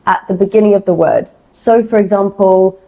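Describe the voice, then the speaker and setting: Mellow-voiced woman teaching a lesson. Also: mid-range voice, normal speed. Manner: clear, explanatory delivery. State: slightly sick. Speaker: English teacher. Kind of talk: scripted video lesson.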